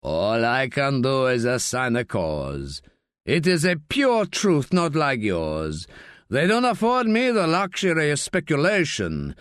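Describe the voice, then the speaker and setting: A man's voice: mid-range voice, wildly swooping pitch, slow, fairly bright tone, clean tone, no echo, clean studio sound, heavily acted. A man playing an irritable, heavyset middle-aged coroner, brusque and dismissive and out of breath.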